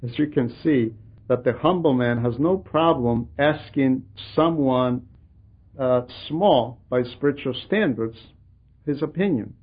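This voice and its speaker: A man's voice: medium pitch, a little slow, breathy edge. A man earnestly retelling a monk's story to a gathering and voicing the people in it. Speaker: religious storyteller addressing a gathering. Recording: dull lo-fi recording.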